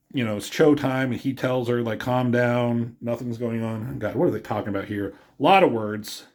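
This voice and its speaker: A man giving a casual, rambling comic book review, cursing often and talking offhand. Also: medium pitch.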